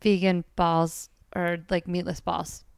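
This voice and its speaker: A gushing woman podcast host from New Jersey talks in a loose, giggly way. Her voice is smooth yet carries a gravelly fry. The sound is close and dry, with no room around it. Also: fairly low pitch, little pitch movement, slow, darkish tone, no echo. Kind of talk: casual podcast chat.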